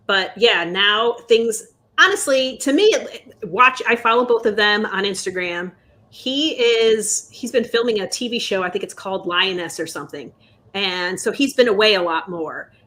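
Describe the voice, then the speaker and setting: A woman's voice: mid-range voice, sharp tone. A woman co-hosting a podcast, chatting casually through celebrity news with lots of fillers and hedges. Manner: chatty, hedging with fillers and "allegedly". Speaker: podcast co-host.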